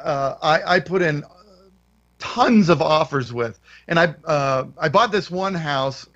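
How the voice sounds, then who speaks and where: A man's voice: high-pitched, fairly bright tone. Sarcastic man co-hosting a radio show. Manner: sarcastic, stumbling, repeats words. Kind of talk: casual radio talk banter. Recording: dull lo-fi radio broadcast.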